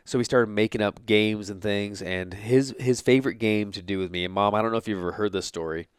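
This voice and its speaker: A podcast host in his thirties recalls his childhood in a loose, fond, rambling way, often stopping to add "you know." His voice sits a little low and sounds clear and smooth. The recording is dry and close. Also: fairly even intonation, brisk, no room sound. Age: 30s. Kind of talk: casual personal storytelling.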